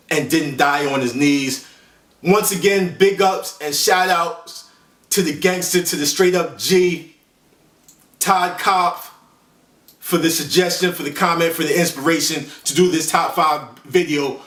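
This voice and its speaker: A man hosting a laid-back movie countdown. He rambles in street slang, full of fillers and self-corrections, at a slightly high pitch. He sits well back from the mic in a roomy, echoing space. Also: measured pace, fairly bright tone. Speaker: host. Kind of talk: casual movie countdown commentary. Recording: echoey room, voice far from the mic.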